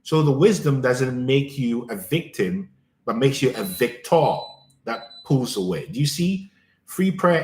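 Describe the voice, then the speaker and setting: A man's voice: mid-range voice, animated, a little slow, darkish tone, echoey room. A man hosting a live coaching stream, talking emphatically to listeners and repeating his key phrases.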